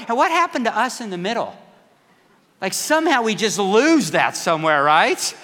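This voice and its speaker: A man preaches in a church, telling his stories conversationally and slipping into other people's voices. His tone is bright and ringing, and a long reverb hangs on every word. He sits a little higher than most men. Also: very animated, fairly quick. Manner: conversational storytelling, acts out voices. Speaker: pastor. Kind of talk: sermon. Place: church sanctuary.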